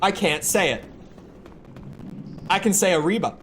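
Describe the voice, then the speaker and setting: A man's voice: sits high, measured pace, fairly bright tone. A young American man chatting casually with his stream chat, rambling and stumbling over his words. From United States. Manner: rambling, repeats words when starting sentences. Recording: clear background noise.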